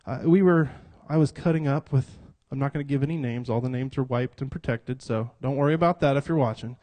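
A man's voice: medium pitch, brisk, dark tone. A man preaching an interactive church sermon, joking around and calling on the congregation to repeat lines back to him. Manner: joking, self-described cut-up, calls for congregation responses.

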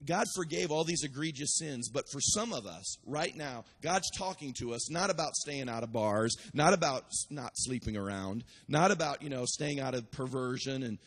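A man preaching a sermon as pastor, building to shouted cries and repeating phrases with restarts. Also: medium pitch, expressive, normal speed, few pauses, breathy edge, long reverb tail.

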